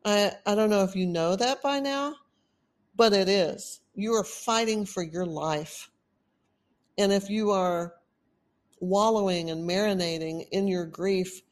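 A woman with a Texan accent hosting a podcast, giving an urgent, earnest motivational monologue that rambles with fillers. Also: mid-range voice. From Texas. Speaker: podcast host.

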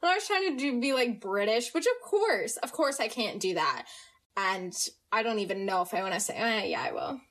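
A woman's voice: on the high side, animated, normal speed, a bit bright. A teenage American girl hosting a podcast, chatting casually about school with plenty of fillers and self-mocking asides. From United States. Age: teens. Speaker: podcast host. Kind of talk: casual solo podcast chat.

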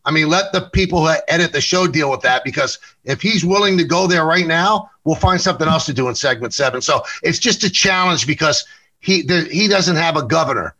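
Bright-voiced New York man telling stories. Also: a little high, low-quality recording. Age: middle-aged. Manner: storytelling, quick self-corrections, repeats words. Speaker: sportscaster and interview show host, guest here. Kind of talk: casual interview conversation.

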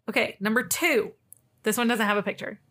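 A woman's voice: fairly high pitch, a little fast, a bit bright. A woman co-hosting a podcast, telling cryptid stories in casual chat, laughing often and restarting her sentences. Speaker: podcast co-host.

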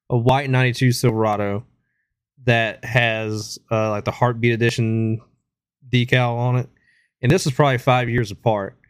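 Easygoing man with halting speech. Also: mid-range voice, clean tone, no echo, clean studio sound. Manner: relaxed and halting, with frequent "uh" pauses. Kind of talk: casual podcast storytelling.

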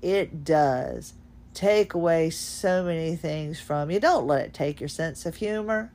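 Fast-talking, folksy woman podcaster. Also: deep voice, a little mellow. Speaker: podcast host. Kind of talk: casual monologue.

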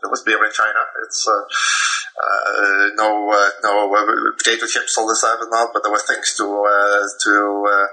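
An older man from the Netherlands talks through his memories as an interview guest. His voice is very bright and a little low, and he speaks haltingly, full of fillers and false starts. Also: monotone, rough recording. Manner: halting, many fillers and restarts. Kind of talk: recounting memories in conversation.

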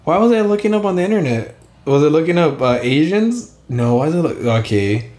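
A man's voice: on the high side, animated, a little fast, a little mellow, a little hiss or hum. A young man co-hosting a casual podcast, rambling, swearing often and laughing at himself. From Southern California. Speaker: podcast co-host. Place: small warm room. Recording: roomy echo.

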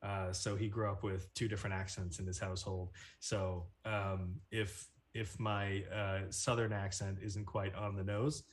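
Low-voiced man chatting on a call. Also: a little slow, hardly any pauses. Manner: relaxed, filler-heavy, self-deprecating. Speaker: voice actor and producer. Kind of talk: casual interview chat.

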